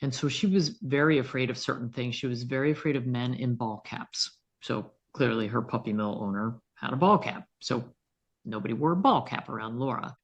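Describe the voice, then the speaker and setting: A woman veterinarian, a guest in an interview, telling stories in an animated, vivid way. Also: very deep voice, highs cut off. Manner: animated, vivid storyteller who acts out quotes. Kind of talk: conversational interview storytelling.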